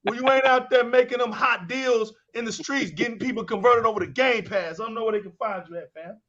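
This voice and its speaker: A man's voice: very high-pitched, fairly quick, fairly bright tone. A man hosting a gaming live stream in casual chat, laughing and calling his guests "fam" and "bro". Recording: muffled lo-fi audio.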